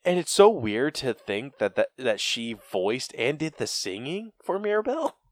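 A man's voice: mid-range voice, big pitch swings, normal speed, dry recording, studio quality. A man co-hosting a podcast in casual chat, rambling with lots of fillers and laughs. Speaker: podcast co-host.

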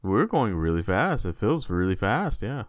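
A man with a lowish voice, co-hosting a casual podcast and chatting in a loose, joking, rambling way. The recording is dry and a little dull. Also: very animated, normal speed, dry recording. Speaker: podcast co-host. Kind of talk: casual chat.

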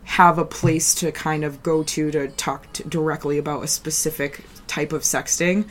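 A woman co-hosting a casual podcast chat, talking in a nonchalant, flat way and rambling with lots of "like"s. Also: low-pitched, moderate pace. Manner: filler-heavy, rambling with many "like"s. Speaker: podcast co-host.

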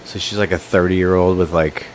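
Low-voiced, easygoing man, swearing in a casual drinking chat. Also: steady tone, normal speed, slight background noise. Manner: laid-back, profane interjections.

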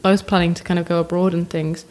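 A young woman, a podcast guest chatting casually, self-mocking and animated, acting out what others say. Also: fairly low pitch, fast. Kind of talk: casual chat.

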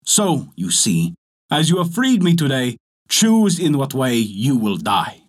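A man voicing a haughty, vengeful giant genie who speaks in a commanding, deliberate way in a storybook tale. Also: medium pitch, huge pitch swings.

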